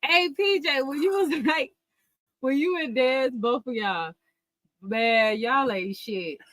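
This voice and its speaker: A woman hosting a casual commentary livestream, her voice bright and forceful and pitched a bit high. She tells stories with animated energy, slang and frequent laughter. The sound is dry and close, with no room echo. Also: slow pace. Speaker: livestream host.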